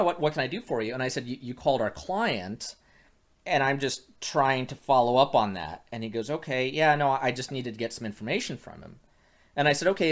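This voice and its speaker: A man working as a private investigator, telling a long story in casual chat and acting out the dialogue, with many restarts. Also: a little high. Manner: animated, acts out quoted dialogue with many restarts.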